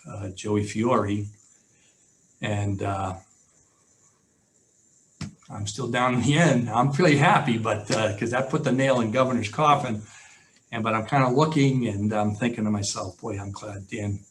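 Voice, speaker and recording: A man with a low voice, a former football coach giving a seminar over a video call. He talks in a conversational way, full of fillers, and acts out what people said. A faint hiss sits under his voice. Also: poor audio. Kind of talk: storytelling seminar talk. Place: home office on a video call. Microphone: video call mic.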